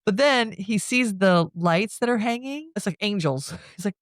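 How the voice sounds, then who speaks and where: A woman's voice: medium pitch, lively intonation, moderate pace, few pauses, dry recording. A woman co-hosting a podcast, casually retelling a movie plot and laughing often as she goes. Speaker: podcast co-host. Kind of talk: casual movie recap chat.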